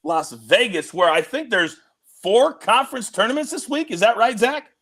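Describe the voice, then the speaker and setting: High, bouncy male host, playful and excitable, runs the show. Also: normal speed. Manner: excitable, teasing, big swings in loudness. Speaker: host of a sports betting show. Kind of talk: energetic podcast hosting. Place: on the road, remote.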